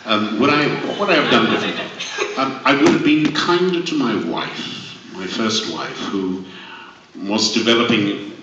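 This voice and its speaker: A man's voice: mid-range voice, animated, measured pace, fairly bright tone, muffled recording, a little hiss or hum. An older man from Wales answering fan questions at a convention panel, genial, rambling and self-deprecating. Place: large convention hall. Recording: echoey hall, distant mic.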